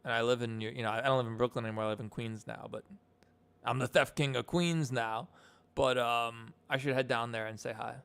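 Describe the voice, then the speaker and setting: Young male streamer, gravelly but smooth, rambling chat. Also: medium pitch, fairly even intonation, a little fast, a bit bright. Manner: rambling, filler-heavy. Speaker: animator streamer. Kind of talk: casual live-stream chat.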